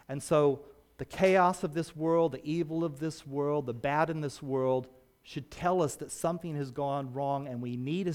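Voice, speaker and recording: A man preaching a sermon. He speaks earnestly and leans hard on his key words. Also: mid-range voice.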